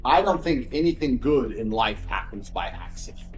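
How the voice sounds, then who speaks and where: A man's voice: medium pitch, big pitch swings, normal speed, soft background music. A man giving a blunt motivational talk in short, repetitive, declarative statements. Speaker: motivational speaker.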